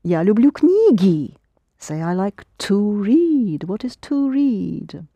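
A woman's voice: mid-range voice, sing-song, slow, no room sound, lo-fi sound. A woman teaching a Russian lesson in English, patiently correcting her students' pronunciation. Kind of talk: language lesson.

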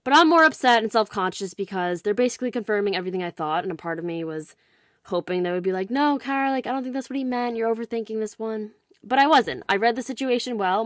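A young woman in her twenties hosts a podcast and tells a dating story straight into a close microphone. Her voice sits a little low for a woman, and the sound is dry and close, with no room echo. She talks frankly and sarcastically and swears freely. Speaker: podcast host. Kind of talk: casual storytelling monologue.

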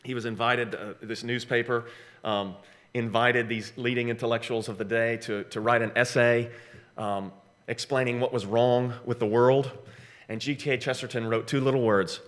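A middle-aged man preaching a sermon, emphatic, slowing down for dramatic weight and repeating key phrases. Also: mid-range voice, fairly even intonation. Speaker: pastor.

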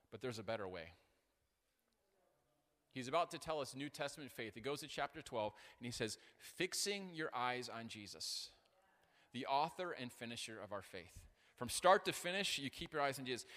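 A male pastor delivering an animated sermon with self-deprecating humor, his voice bright and forceful. He stumbles through fillers and restarts as he tells stories. A long reverb trails off each phrase in the big hall. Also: medium pitch. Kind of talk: sermon with storytelling.

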